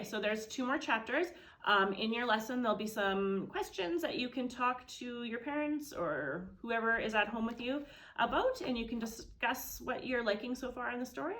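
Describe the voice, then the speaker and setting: A woman's voice: on the high side, normal speed. Woman teacher reading a story aloud. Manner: clear, expressive storytelling. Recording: loud background noise.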